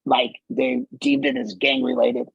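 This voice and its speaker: A man with a gravelly, husky voice swings his pitch up and down as he tells stories in a casual chat. He laughs and swears freely while he talks. The sound is dry and close. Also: big pitch swings, a little slow, no echo, muffled recording. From Los Angeles area. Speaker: podcast host.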